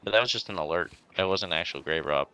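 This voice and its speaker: A man chatting casually in a roleplay game, tossing in quick offhand remarks. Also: sits low, pushed and bright, clear, resonant tone. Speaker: fellow roleplay player.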